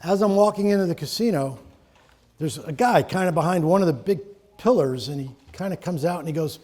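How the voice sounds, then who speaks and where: A man's voice: on the high side, brisk, a little mellow. A middle-aged man from Connecticut presenting a live seminar in a conversational, joking way, to an audience in a room. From Connecticut, USA.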